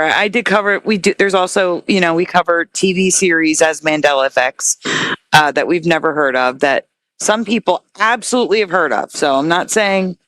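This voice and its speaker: A woman talking as an interview guest, earnest and excitable, often stopping and restarting her words. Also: fairly low pitch, dry recording. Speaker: guest researcher. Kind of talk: casual interview talk.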